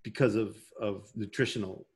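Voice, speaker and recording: A man's voice: lowish voice, fairly even intonation, normal speed, husky. A man hosting a podcast in casual chat, rambling and emotional as he talks. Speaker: podcast host.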